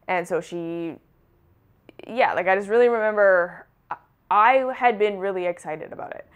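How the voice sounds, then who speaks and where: A woman's voice: mid-range voice, moderate pace, clean tone. A young adult woman telling her personal story to camera in a candid, conversational way, full of casual fillers. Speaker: wellness vlogger.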